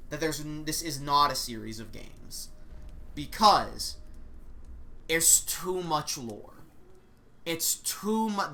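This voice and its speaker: A woman's voice: sits low, sharp tone. A woman streaming a story game who gives candid, musing commentary.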